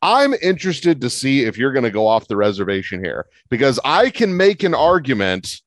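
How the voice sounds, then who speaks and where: A man's voice: normal speed, no echo. A man co-hosting a casual wrestling podcast, talking emphatically and arguing his opinions. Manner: emphatic, argumentative, lively pitch swings. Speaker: podcast co-host.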